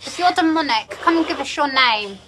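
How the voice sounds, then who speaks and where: A woman's voice: high-pitched, animated, brisk, background noise. A woman investigating outdoors at night, calling out to spirits in a coaxing, reassuring way. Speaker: paranormal investigator. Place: outdoors in the grounds of an old estate.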